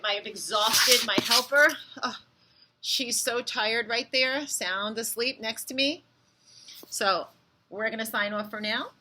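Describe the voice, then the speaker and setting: A woman's voice: medium pitch, bright, forceful tone, far from the mic, a little hiss or hum, rough recording. Encouraging woman teacher sounding out words. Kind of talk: online phonics lesson for young children.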